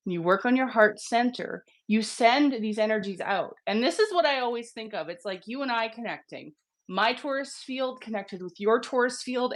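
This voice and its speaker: A woman guest in a casual interview, explaining with earnest, gentle warmth, her throat slightly sick. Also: a little high.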